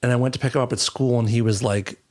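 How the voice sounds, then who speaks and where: A man in his thirties co-hosting a podcast, telling stories in casual chat, expressive and swearing freely. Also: mid-range voice, fast. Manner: expressive, swearing, laughing storyteller. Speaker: podcast co-host.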